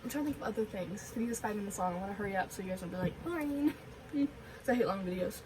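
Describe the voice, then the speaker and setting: A woman's voice: medium pitch, racing, a little mellow, recorded from a distance, a little hiss or hum, poor audio. A young woman in her teens chatting casually in a vlog, rambling with lots of fillers and giggly asides. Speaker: vlogger.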